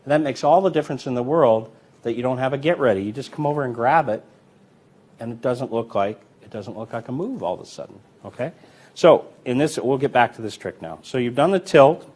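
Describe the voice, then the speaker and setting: A man walks through card sleights step by step, talking as he handles the deck. His delivery is relaxed and explanatory, with a teacher's patience. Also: mid-range voice, fairly quick, slightly rough. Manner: relaxed, explanatory, talks while demonstrating. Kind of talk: instructional demonstration.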